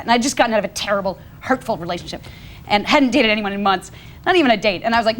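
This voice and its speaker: A woman guest on a talk show telling an animated, self-mocking anecdote. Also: medium pitch, racing, slight background noise. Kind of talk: casual anecdote.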